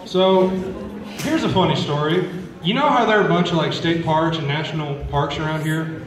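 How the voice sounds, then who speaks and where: At a school talent show, a young man with a fairly high voice does stand-up storytelling at a normal pace. He's chatty, asks the crowd questions and acts out his relatives, and the recording comes from far off in an echoey hall.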